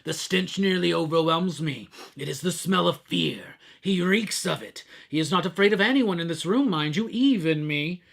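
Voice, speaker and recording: A man's voice: on the high side, normal speed, creaky, few pauses. A man voicing a sneering villain in a put-on British accent, reading menacing lines theatrically.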